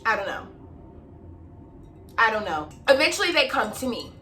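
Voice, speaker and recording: A young woman tells a storytime in a casual, animated way, swearing freely and acting out the people she describes. Her voice is fairly high and very bright. She sits a little back from the mic. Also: normal speed, distant mic, a little hiss or hum. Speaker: vlogger telling a storytime.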